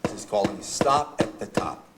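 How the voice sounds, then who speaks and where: An older man teaching drum technique, talking in a chatty, halting way with restarts as he demonstrates. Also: on the low side, lively intonation, over loud music. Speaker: drum instructor. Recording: drums heard in the room. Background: drum strokes between phrases.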